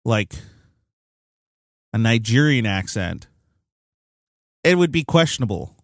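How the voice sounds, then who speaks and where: A man's voice: mid-range voice, expressive, slow pace, no echo, studio quality. A man co-hosting a podcast in casual chat, rambling and hedging a lot, with some swearing. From United States. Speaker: podcast co-host.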